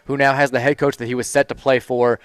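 A man hosting a live sports radio show, brisk and upbeat, reading ads and talking sports. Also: mid-range voice, flat delivery, clean tone, no echo. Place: live broadcast at a car dealership.

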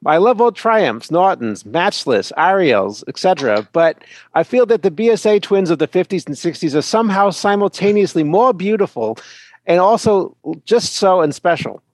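Co-host reading mail on air, middle-aged man, slightly raised pitch, dry close sound. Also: sing-song, normal speed, a little mellow, no echo. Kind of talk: reading a listener email aloud.

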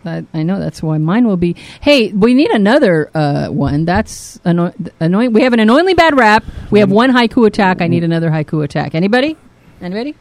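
A woman's voice: medium pitch, sing-song, brisk, hardly any pauses, a little mellow. Teasing woman podcast co-host. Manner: teasing, laughs often. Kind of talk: casual banter.

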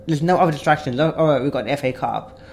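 A man's voice: fairly high pitch, fast, gravelly, low-quality recording. English guy chatting football, hesitant, bit of background hiss. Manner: hesitant, restarts, chatty fan banter. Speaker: football podcast co-host. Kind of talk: casual chat.

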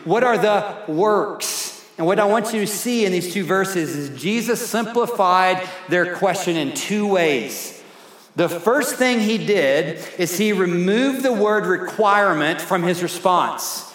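A middle-aged pastor preaching a sermon in a church, slow and emphatic, repeating his key phrases. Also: high voice, expressive, fairly bright tone. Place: church sanctuary. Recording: echoey hall reverb.

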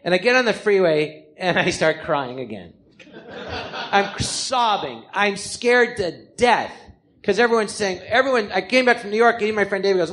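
A man in his fifties with an American accent, telling his life story on stage as a comedian, animated and acting out the people he quotes. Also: sits high, normal speed. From Los Angeles, California. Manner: animated, acts out quoted people in different voices. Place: live theatre stage before an audience.

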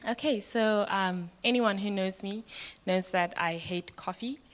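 A woman's voice: mid-range voice, measured pace, in a large hall. A woman sharing at a church service in a chatty, apologetic way.

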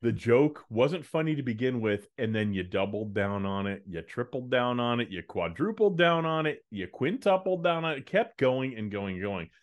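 A man's voice: mid-range voice, sing-song, normal speed, hardly any pauses. A man co-hosting a podcast, chatting casually and giving jokey, opinionated takes. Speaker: podcast co-host.

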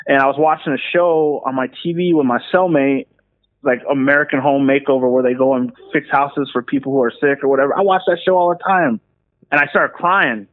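Guy minister telling his story, slangy and animated, tinny phone audio. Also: medium pitch, brisk. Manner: slangy, animated, acts out quoted voices. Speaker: guest minister. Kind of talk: casual storytelling.

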